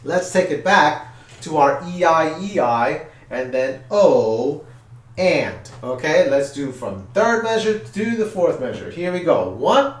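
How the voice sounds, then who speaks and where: A man's voice: a little high, sing-song, takes it slowly, recorded from a distance. A man teaching a music class for young children, counting in, chanting and coaxing the kids to join. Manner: upbeat, coaxing, counts in and chants call-and-response. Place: room with chalkboards. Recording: echoey room.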